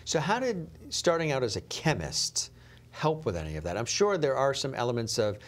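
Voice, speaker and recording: A woman's voice: very deep voice, sing-song, normal speed. A woman hosting a casual interview, supportive, often rephrasing what her guest says. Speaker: interview host.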